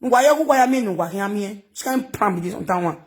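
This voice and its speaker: A woman's voice: mid-range voice, expressive, moderate pace. A Nigerian woman giving rambling, chatty gossip commentary into her phone, mixing in local phrases and laughing often. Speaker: social media commentator.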